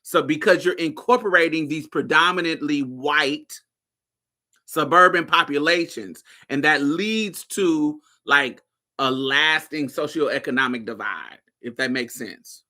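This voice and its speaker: A man's voice: a little high, a little slow, pushed and bright. A man from Indianapolis hosting a show, talking loosely and profanely and keeping checking that listeners are following. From Indianapolis, USA. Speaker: podcast host. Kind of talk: casual livestream commentary.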